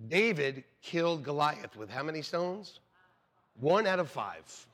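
A man's voice: on the high side, unhurried. A man preaching a sermon as pastor, telling stories with acted-out voices and jokes for the congregation. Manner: animated storytelling, acts out voices, jokes with congregation. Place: church sanctuary.

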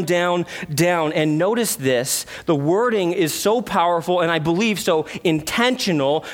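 A man preaching a sermon, earnest, with rhetorical questions and dramatic pauses. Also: sits high. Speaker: pastor.

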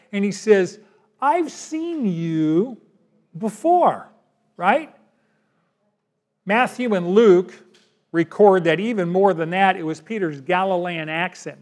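A man, a pastor, preaching a sermon in a folksy, conversational way. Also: sits high.

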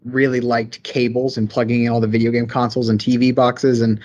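A man's voice: medium pitch, flat delivery, brisk, darkish tone, lo-fi sound. A young man in his twenties with a Southern American accent, an engineer and podcast guest, telling stories eagerly and enthusiastically. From rural American South. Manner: eager, enthusiastic, rambling storyteller. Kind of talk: casual podcast chat.

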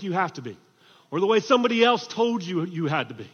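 High-voiced animated preacher in a hall. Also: male voice, quick pace, slightly rough. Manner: animated, swings from hushed to shouting. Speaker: pastor. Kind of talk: sermon. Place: church hall. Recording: muffled hall reverb.

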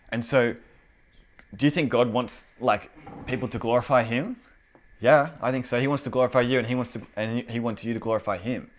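A young man preaching a casual, conversational sermon with an animated delivery and lots of fillers. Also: medium pitch, a little hiss or hum.

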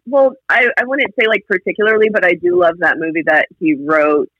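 A woman's voice: fairly low pitch, steady tone, a little fast, dry recording, highs cut off. A woman from Massachusetts, a comedy writer guesting on a podcast, upbeat and giggly in casual chat.

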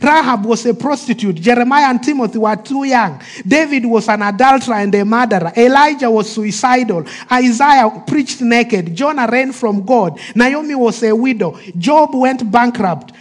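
A man preaching a sermon with emphatic delivery that drops to soft, hushed phrases, acting out the voices of the people in his stories. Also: very high voice, animated, moderate pace, few pauses. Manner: acts out quoted speech of the people in his stories.

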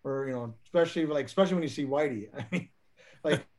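Laughing, rambling former hockey player. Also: male voice, a little high, fast, a little mellow. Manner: rambling, laughing, many restarts. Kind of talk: casual storytelling interview.

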